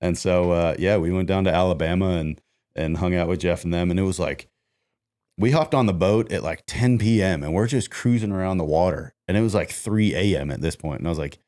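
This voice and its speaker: A man with a very deep voice tells stories as a guest on a podcast. He keeps it casual and acts out the lines other people said as he goes. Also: a little fast. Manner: animated storyteller acting out quotes. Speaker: music manager guest. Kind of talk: casual storytelling chat.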